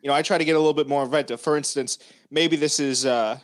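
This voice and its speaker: A young man hosting a casual comedy podcast, telling self-mocking stories in an animated way. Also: on the high side, fast talker, no room sound, clean studio sound. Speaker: podcast host.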